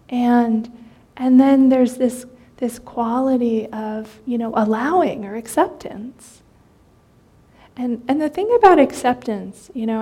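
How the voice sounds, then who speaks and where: Her voice fairly high, mellow, and softly breathy, a woman teaching meditation offers a dharma talk. She speaks gently and conversationally, often stalling on fillers and beginning sentences over.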